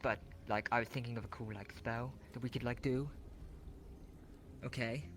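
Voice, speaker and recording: A man's voice: mid-range voice, fairly even intonation, moderate pace, slight background noise. A man chatting in character during roleplay, goofy and rambling, full of enthusiasm. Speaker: roleplayer voicing his character.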